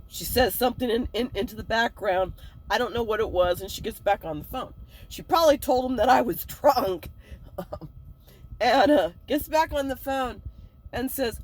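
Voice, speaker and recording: A woman's voice: on the high side, moderate pace, a little hiss or hum. A woman casually telling a personal story, acting out the dialogue and laughing at herself as she goes. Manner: animated, acts out the dialogue, laughs while telling; self-mocking, with many fillers and restarts.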